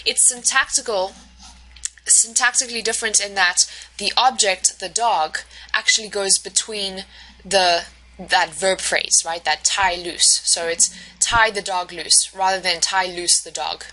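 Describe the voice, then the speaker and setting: A woman teacher talks through a recorded lesson in a bright, forceful voice. She explains point by point, pausing on fillers, correcting herself and checking in with "right?". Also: medium pitch, poor audio. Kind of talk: recorded lecture walking through slides.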